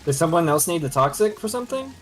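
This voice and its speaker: A man's voice: on the high side, very animated, fast talker, faint music behind. A man chatting offhandedly with teammates during a co-op game stream. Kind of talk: casual gameplay chat.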